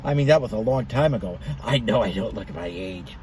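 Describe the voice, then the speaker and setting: A man's voice: on the low side, expressive, brisk, background noise. A middle-aged man reviewing cigars in a blunt, profane, rambling monologue.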